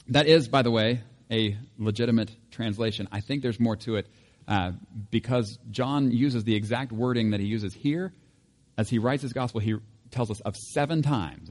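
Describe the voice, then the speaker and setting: A man's voice: lowish voice, a little mellow. A man preaching a sermon in a conversational way, with light humor and frequent self-corrections. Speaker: pastor.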